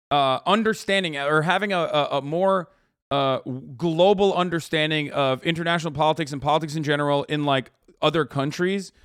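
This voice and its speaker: A man rants and swears through a casual reaction stream, his voice sitting a little high and coming through smooth and clear. The sound is dry and close to the mic, with no room around it. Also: dry recording. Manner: profane, animated, ranting. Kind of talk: casual commentary.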